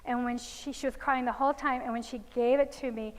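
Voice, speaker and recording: A woman's voice: on the high side, steady tone, a little fast. Storytelling woman in a reverberant hall. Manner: storytelling, acts out quoted voices of children and parents. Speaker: parenting seminar speaker. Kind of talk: religious parenting talk with anecdotes. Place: seminar hall.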